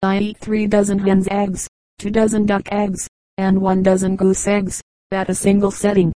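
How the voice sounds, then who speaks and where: A woman's voice: medium pitch, monotone, moderate pace, dark tone, no echo, close to an everyday voice, low-quality recording. A woman reading as a boastful young egg-eater. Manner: matter-of-fact, boastful. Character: young man, boastful egg-eating freak.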